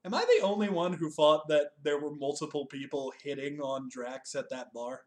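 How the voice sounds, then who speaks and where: A man's voice: on the high side, steady tone, normal speed. A man co-hosting a casual chat reviewing a TV special, laughing often, swearing and joking at his own expense. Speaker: podcast co-host.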